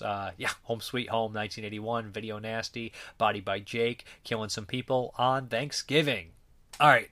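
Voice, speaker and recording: A man's voice: mid-range voice, fairly bright tone. A man reviewing films in a casual, rambling way, joking and swearing freely. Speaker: movie reviewer.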